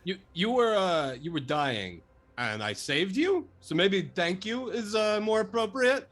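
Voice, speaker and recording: A man's voice: high-pitched, very animated, unhurried, a bit bright. A man speaking in character as a player in a tabletop game, with a dry, hesitant manner.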